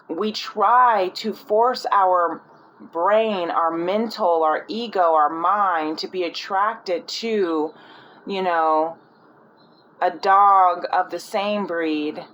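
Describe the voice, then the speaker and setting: A woman's voice: mid-range voice, fairly bright tone, a little hiss or hum, rough recording. A woman giving a casual spiritual reading, thinking aloud and often searching for the right word. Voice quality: rambling, frequent restarts and fillers. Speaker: spiritual reader.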